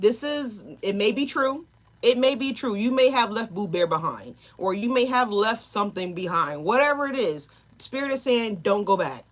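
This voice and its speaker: A woman giving a live tarot reading, talking straight to her viewers and chat, emotional and tearful at times. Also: on the high side. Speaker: tarot reader.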